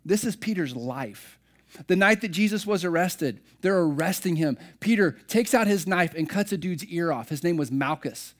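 A man's voice: high-pitched, animated, normal speed. A middle-aged man preaching a sermon, telling personal stories in a conversational, self-deprecating way. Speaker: pastor.

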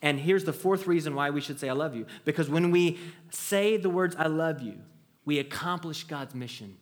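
A man's voice: fairly high pitch, moderate pace. Earnest man preaching a sermon. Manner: earnest, storytelling with acted quotes, conversational restarts. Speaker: pastor.

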